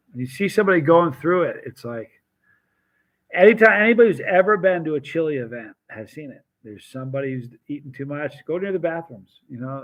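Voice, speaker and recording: Chatty man telling hot-sauce stories. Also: mid-range voice. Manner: animated anecdotes with restarts and acted quotes. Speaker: hot sauce seller and channel host. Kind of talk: casual live-stream storytelling.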